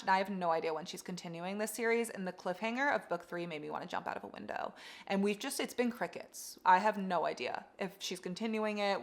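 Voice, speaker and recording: A young woman with a bright, crisp voice gushes over her favorite books in a casual vlog chat. She talks excitably and swears freely as she goes, her voice sitting at an ordinary middle pitch. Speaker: book vlogger. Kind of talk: casual book review chat.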